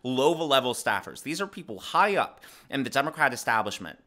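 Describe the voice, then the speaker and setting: Young guy ranting about politics, bright lively voice, lots of um and uh. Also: mid-range voice, a little fast. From American South. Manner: animated, frequent fillers and restarts. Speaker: political commentary host. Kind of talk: casual political commentary.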